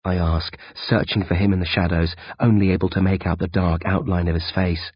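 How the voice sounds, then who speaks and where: Brief: man reading a first-person thriller audiobook, raspy low voice, dry and muffled sound. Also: flat delivery, brisk, no room sound. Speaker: audiobook narrator. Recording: dull, dry lo-fi recording.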